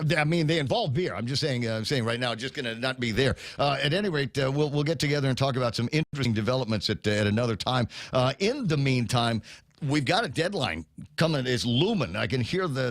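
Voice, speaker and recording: A male morning radio host talks loosely, joking and rambling with lots of fillers. His voice sits at an ordinary pitch. The sound is dry and close, with no room around it. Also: dry recording. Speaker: radio talk show host. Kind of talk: casual radio talk. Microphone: studio microphone.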